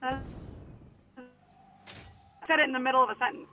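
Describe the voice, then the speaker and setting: High-voiced giggly woman calling in. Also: steady tone, fairly quick, phone-quality sound, slight background noise. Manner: bubbly, giggly, chatty. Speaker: co-op game player calling in. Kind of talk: casual chat. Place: in her car.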